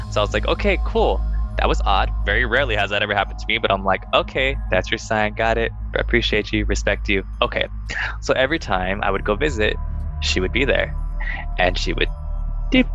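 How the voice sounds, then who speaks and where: Man, podcast co-host, casual storytelling, animated quoted dialogue, low pitch, bright tone. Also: brisk, faint music behind, low-quality recording.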